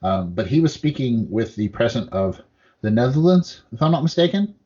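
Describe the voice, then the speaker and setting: A man's voice: medium pitch, very animated, fairly quick, dark tone, dull audio. Profane, rambling male podcast co-host. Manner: profane, rambling, acts out quotes. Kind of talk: casual political chat.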